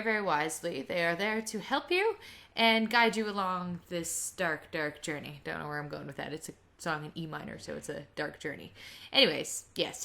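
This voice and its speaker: A woman's voice: lowish voice, fairly bright tone. A woman teaching a piano lesson in a casual video, chatty and prone to rambling asides.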